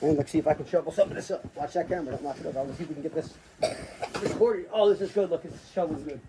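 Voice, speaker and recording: A man's voice: on the high side, racing, very noisy. A man casually talking to the camera in a family vlog, upbeat and chatty, recorded outdoors in the snow. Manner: upbeat, chatty, laughs often. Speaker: family vlogger. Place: outdoors in snowy yard.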